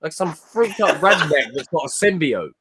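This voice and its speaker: A man's voice: a little high, expressive, normal speed, noisy background. A man co-hosting a pop-culture podcast, ranting in an exasperated way and mocking impressions in heated chat. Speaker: podcast co-host.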